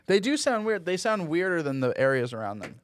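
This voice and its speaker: A man's voice: high-pitched, big pitch swings, a little fast, dry recording. A man in casual podcast banter, joking sarcastically and laughing often.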